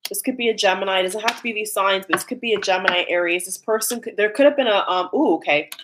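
A woman reads tarot cards in a casual pick-a-card session. She talks in a chatty, loose way with plenty of fillers, at a mid pitch. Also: fast talker, background noise. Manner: chatty, filler-heavy, breaks into laughs.

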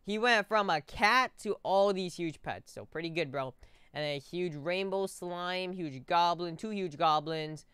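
A man chatting through gameplay in a crisp, clean voice that sounds close and dry. He rambles, stumbles over his words and keeps saying "bro". His talk is loose and unscripted. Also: high-pitched, a little slow, bright, forceful tone, no echo. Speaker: gaming video host. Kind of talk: casual gameplay commentary.

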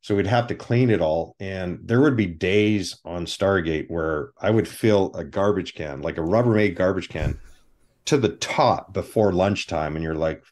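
Low-voiced man telling lively stories. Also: moderate pace. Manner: animated anecdotes, acts out quoted people. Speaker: film armorer, guest. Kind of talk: storytelling interview.

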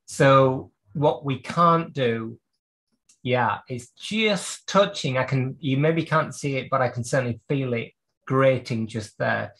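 A man's voice: mid-range voice, slow pace, fairly bright tone. A man teaching clock repair during a live video call, working at a bench and thinking aloud as he explains each step. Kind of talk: live workshop demonstration.

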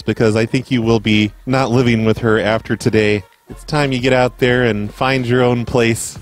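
A man's voice: medium pitch, steady tone, normal speed, hardly any pauses, soft background music. A man hosting a prank call show, rambling in a casual, self-mocking and profane way. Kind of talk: casual comedic monologue.

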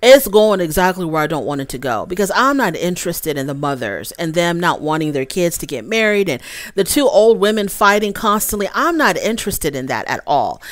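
A woman's voice: lowish voice, very animated, a little fast, dry recording. A woman hosting a casual recap of a reality show, chatting straight to her viewers and acting out what the cast said. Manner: chatty, addresses viewers as y'all, acts out quotes.

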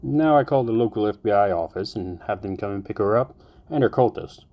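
Brief: composed young man, low voice, coldly mocking when pressed, read by a male narrator. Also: expressive, mellow, lightly acted. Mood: earnest. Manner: measured and earnest, turning cold and mocking. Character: calm, capable young man, later mocking captor.

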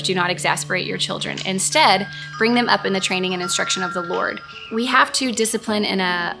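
A woman's voice: mid-range voice, creaky. A woman, hosting a casual question-and-answer chat in an earnest, gushing way that repeats phrases. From Texas. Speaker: host. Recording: music playing in the background.

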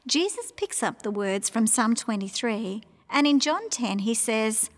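Lively, slow-paced woman telling a children's story. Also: a little high, long reverb tail. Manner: animated, acts out sounds and voices.

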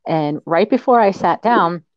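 A woman guest telling her paranormal experiences in a relaxed way, acting out what people said. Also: on the low side, unhurried, no echo, muffled recording. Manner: relaxed storyteller who acts out dialogue. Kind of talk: casual chat.

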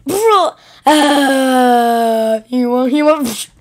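A high-voiced woman talks slowly through a game roleplay at her computer. She stammers, repeats herself and breaks into frantic yelling bursts. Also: animated. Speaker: gameplay roleplayer. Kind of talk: voiced roleplay over gameplay.

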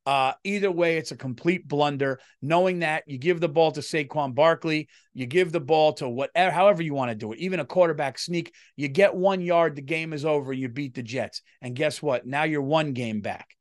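A man's voice: on the high side, normal speed, hardly any pauses, no echo, studio quality. A middle-aged man, hosting his comedy podcast in a casual, profane rant and feeling unwell. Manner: profane, animated, swings loud and quiet.

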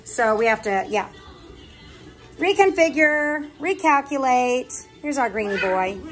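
High-pitched woman breeder, chatty, trips over her words, coos at puppies. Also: lively intonation, slow pace, over music, low-quality recording. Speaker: dog breeder. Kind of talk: casual vlog chat. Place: indoor puppy pen.

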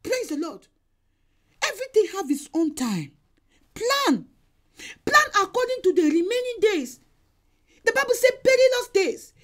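A woman evangelist preaching a sermon over an online call, emphatic and exhorting, repeating her phrases and sometimes bursting into shouts. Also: extremely high pitch, sing-song, measured pace, pauses often.

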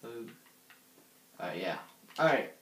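A man's voice: sits low, very animated, slow pace, fairly bright tone. A man giving casual gameplay commentary, rambling and giggly, talking to himself while he plays. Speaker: gaming channel host. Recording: roomy echo.

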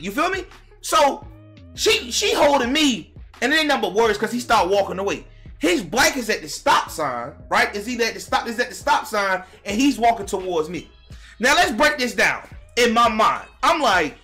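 A young man telling a story straight to his viewers, animated and profane, now and then breaking into shouts. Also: sits high, moderate pace, faint music behind. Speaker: vlogger telling a personal story. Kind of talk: casual storytime monologue to viewers.

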